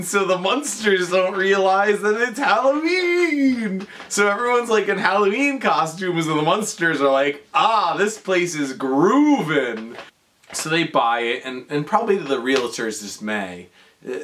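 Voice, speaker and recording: A drunk young man lurches through a movie recap. His voice is slightly raised and very bright, and he keeps restarting and swearing as he goes. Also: fairly high pitch. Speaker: drunk guest recounting a movie. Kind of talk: rambling drunken plot recap.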